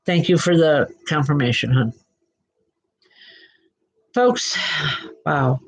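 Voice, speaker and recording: A woman's voice: sits low, slow pace, breathy edge, poor audio. A woman hosting a show of live spiritual readings, reassuring viewers by name and often checking in with "okay?". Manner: frequent fillers and restarts, checks in with "okay?". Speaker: psychic medium host.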